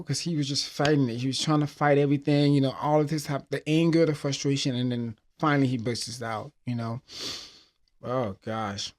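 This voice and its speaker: A man's voice: mid-range voice, darkish tone. Emotional man retelling a story. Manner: emotional, rambling retelling with many fillers. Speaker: podcast host. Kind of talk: casual personal talk.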